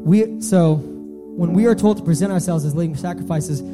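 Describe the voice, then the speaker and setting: High-voiced young man preaching. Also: normal speed, over music. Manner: earnest, repeats and restarts phrases, acts out a joke story. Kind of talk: sermon.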